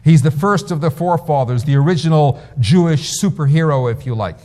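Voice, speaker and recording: A man preaching as a rabbi, his voice on the higher side for a man. He tells stories emphatically, and a long reverb trails behind each phrase. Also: brisk, mellow. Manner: storytelling, emphatic. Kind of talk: sermon.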